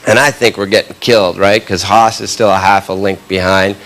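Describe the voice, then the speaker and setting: A man doing stand-up comedy, telling a long story in a punchy, animated way and often tagging lines with a quick question. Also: deep voice. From Canada. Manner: animated, punchy delivery with frequent tag questions. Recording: live recording with audible background noise.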